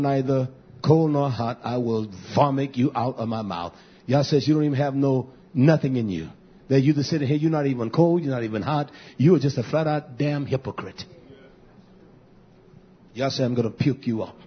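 A man with a slightly rough voice preaches a fiery sermon, blunt and repetitive. He swings between shouting and quiet muttering. The muffled, lo-fi audio adds to the raw feel.

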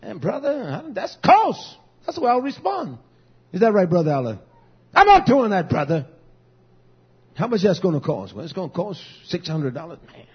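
A man preaching as a pastor, lively and storytelling, acting out conversations with people from his congregation. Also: sits high, brisk, husky. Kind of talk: sermon. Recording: dull lo-fi recording.

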